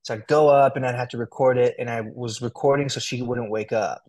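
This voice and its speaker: A young adult man as an interview guest, talking in a relaxed, chatty way full of "like" and "dude". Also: medium pitch, a little fast, few pauses. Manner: relaxed, talkative, fillers like "like" and "dude". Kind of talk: casual interview.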